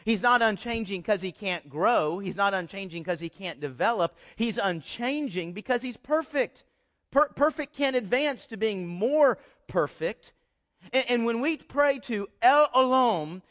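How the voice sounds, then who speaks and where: A man preaching a sermon to his congregation in an animated, conversational way, addressing them as folks. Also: sits high. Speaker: pastor.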